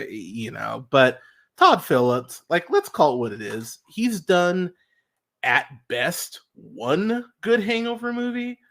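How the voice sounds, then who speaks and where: A man's voice: medium pitch, fairly bright tone. Rambling, cussing podcast man. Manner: rambling, heavy fillers and restarts, frequent swearing; mocking voices when quoting others. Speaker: podcast host. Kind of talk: casual solo movie commentary.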